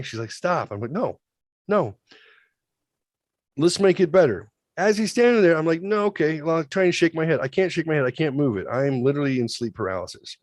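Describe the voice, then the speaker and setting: A man in his thirties telling a story in a casual, profane, animated way, swinging between loud outbursts and quiet asides. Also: mid-range voice, no echo. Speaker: podcast host.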